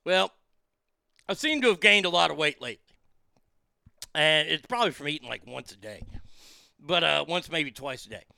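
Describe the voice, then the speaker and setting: Gravelly, bright-voiced male show host. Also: fairly high pitch, lively intonation, moderate pace, pauses often, dry recording. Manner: rambling, irreverent and profane. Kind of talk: casual solo show monologue. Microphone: studio mic through a mixing board.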